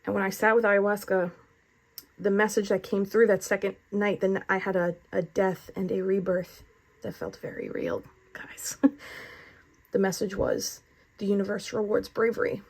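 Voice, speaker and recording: A woman talks through a tarot reading in a relaxed, chatty way. She is earnest and effusive, with a spiritual warmth to how she frames things for her audience. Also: mid-range voice, normal speed. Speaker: tarot reader. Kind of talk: casual spoken tarot reading.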